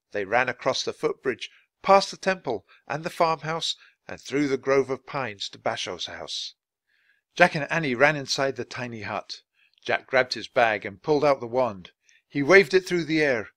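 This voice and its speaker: A man's voice: mid-range voice, lively intonation, moderate pace, pushed and bright, no room sound. A man reading a children's chapter book aloud at natural speed for language learners, with dramatic expression. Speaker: narrator.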